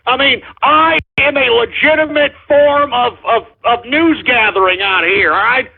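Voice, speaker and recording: Very high-pitched yet gravelly and husky, this man speaks at a measured pace. As host of a call-in radio program, he rants in anger, curses at his audience and yells insults at trolls, all through thin, phone-like audio.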